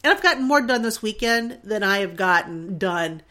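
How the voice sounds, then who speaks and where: A woman's voice: medium pitch, expressive, normal speed, bright, forceful tone. A woman in her forties hosting a podcast, talking in an earnest, reflective monologue that rambles with restarts and wavers with emotion. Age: 40s. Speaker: podcast host.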